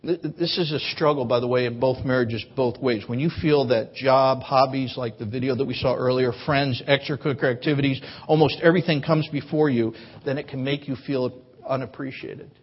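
A man's voice: medium pitch, fairly even intonation, fairly quick, hardly any pauses, slightly rough, muffled recording. A man preaching a sermon to his congregation in a church, in an earnest, conversational way, sometimes stumbling over his words. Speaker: pastor. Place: church sanctuary.

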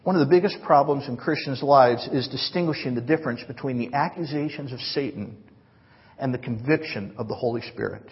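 A man's voice: medium pitch, a little fast, slightly rough. A male pastor preaching a sermon in a large church hall, earnest and conversational, often acting out quoted lines. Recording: reverberant, dull lo-fi hall recording.

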